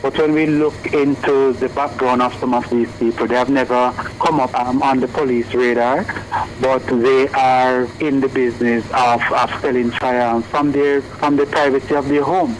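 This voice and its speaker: Police officer, formal and halting. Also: male voice, mid-range voice, fairly even intonation, background noise. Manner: formal police-speak with pauses and restarts. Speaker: police division director. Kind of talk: news interview clip.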